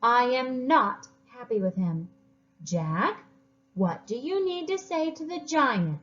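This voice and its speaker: A woman's voice: on the high side, big pitch swings, slow pace, a bit bright, muffled recording, pitched above the performer's own voice, full character voice. A woman voicing a small, angry mother who scolds her son firmly. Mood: stern. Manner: scolding, firm.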